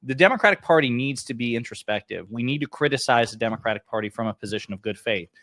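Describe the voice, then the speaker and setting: A man's voice: medium pitch, expressive, fast, a bit bright, no echo. A male podcast guest giving emphatic, profane political commentary in a rallying tone.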